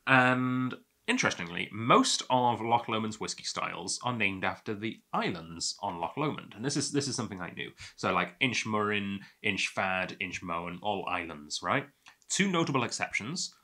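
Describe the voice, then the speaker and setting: A man's voice: fairly low pitch, expressive, moderate pace, pushed and bright. A man hosting a whisky tasting, chatting in a rambling, self-amused way as he sips and talks to the camera. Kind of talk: casual tasting monologue.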